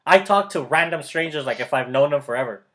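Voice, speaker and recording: Brisk and expressive, this man's voice is on the high side and a bit bright. As a motivational mentor chatting casually, he emphasizes and repeats key words with enthusiasm, keeps calling the listener bro or brother, and laughs often in the middle of sentences.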